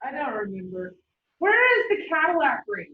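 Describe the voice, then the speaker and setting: A woman instructor lectures to a class, slipping into personal anecdotes and laughing easily. Her voice sits fairly high and comes across chatty and animated. The recording is dull and roomy, picked up from across the classroom. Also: normal speed. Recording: roomy, dull sound from a distant mic.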